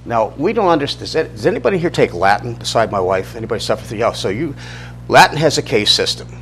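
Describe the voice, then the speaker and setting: Middle-aged male Bible teacher, mid-pitched, chatty lecture style with questions to the class, faint hum behind. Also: sing-song, fast talker. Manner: conversational, asks the class questions, restarts sentences.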